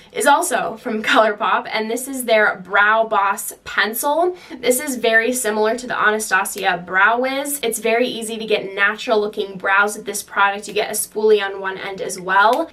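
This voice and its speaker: A woman's voice: medium pitch, a bit bright, far from the mic. Chatty young woman reviewing makeup. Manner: chatty, enthusiastic. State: losing her voice. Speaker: beauty vlogger. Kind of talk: casual product review.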